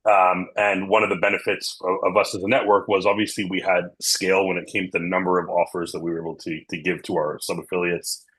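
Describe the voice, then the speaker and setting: Deep husky-voiced businessman. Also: little pitch movement, quick pace, hardly any pauses, a bit bright, low-quality recording. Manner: businesslike, many fillers. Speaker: panelist, managing director. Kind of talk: panel discussion. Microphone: video call.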